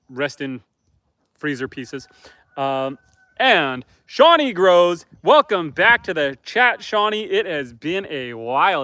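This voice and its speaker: A man's voice: on the high side, pushed and bright, dry recording. Canadian man chatting by a campfire. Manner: reads viewer comments aloud and answers them. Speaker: homesteader livestreamer. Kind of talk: casual livestream chat reading comments. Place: outdoors by a campfire.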